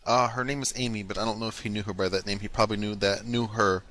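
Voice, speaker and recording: A man's voice: on the low side, fairly even intonation, quick pace, pushed and bright. A man calling on a recorded phone call, polite and hesitant, repeating himself. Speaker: caller.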